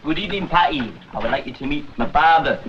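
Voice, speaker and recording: An actor plays a polite, formal young Scotsman in a 1960s TV comedy, his voice pitched fairly high. The old TV soundtrack is dull and carries a steady hiss. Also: fast talker, lightly acted. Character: polite young Scottish man. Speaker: son introducing his father. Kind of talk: 1960s sitcom acting.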